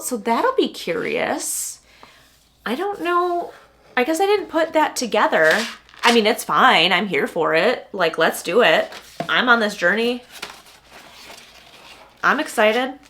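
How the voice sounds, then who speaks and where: A woman's voice: a little high, a bit bright, slight background noise. A young adult woman booktuber in casual unboxing chat, gushing and chatty with lots of "like"s.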